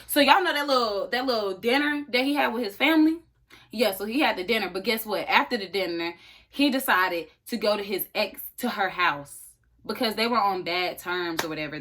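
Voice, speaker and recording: A young woman vlogger with a mid-range voice tells a story straight to her viewers, casual, animated and full of slang.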